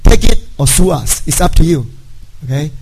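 A middle-aged man, a native Chinese speaker, giving a personal testimony to a congregation in halting speech, often checking in with "right?". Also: a little high, lively intonation, gravelly, noisy background. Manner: halting, frequent "right?" tag questions. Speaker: church member giving a testimony.

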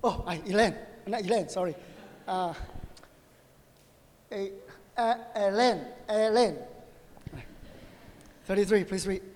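A middle-aged man preaching a conversational sermon, animated and joking, often asking his listeners "right?". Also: sits high, slow pace, long pauses. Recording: long reverb of a hall.

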